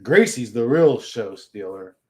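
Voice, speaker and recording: A man streaming live and talking straight to his viewers, loose and profane. His pitch swings widely as he gets worked up and laughs between sentences. He sounds like an ordinary casual talker who lets himself get loud and emotional. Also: expressive, unhurried. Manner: laughs often mid-sentence. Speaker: livestreamer. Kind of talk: casual livestream rant.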